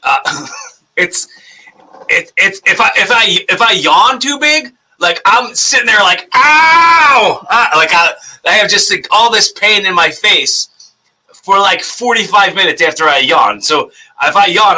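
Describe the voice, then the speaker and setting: A man's voice: high voice, expressive, a little slow, sharp tone, low-quality recording. A man in his thirties, a podcast guest in casual chat, rambling, laughing and poking fun at himself. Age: 30s. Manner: rambling, laughing, self-mocking.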